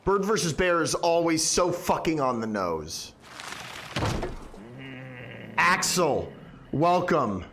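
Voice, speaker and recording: A man's voice: on the high side, lively intonation, slow, pauses often, background noise. A man streaming an improvised comedy skit, nervous and stammering as he talks to his chat.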